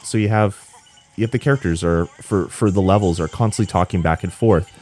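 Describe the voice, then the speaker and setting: A man's voice: low voice, brisk, darkish tone, soft background music. A young man chatting casually on a podcast, rambling with lots of ums and restarts, tired late at night. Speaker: podcast co-host reviewing a game.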